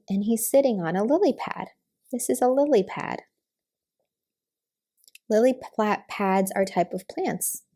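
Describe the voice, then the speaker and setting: A young woman reading a picture book aloud to small children, gently naming the pictures and asking questions. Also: mid-range voice. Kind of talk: storybook reading to toddlers.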